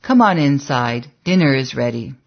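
Brief: narrator voicing an anxious young wife, gentle and coaxing, on a dull lo-fi audiobook recording. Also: mid-range voice, animated, moderate pace, creaky. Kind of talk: audiobook character voice.

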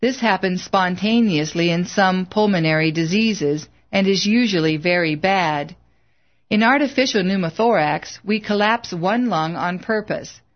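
A woman reading the part of an expert male lung doctor who explains a procedure calmly. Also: high-pitched, measured pace, muffled recording. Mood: explaining. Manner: calm, explanatory.

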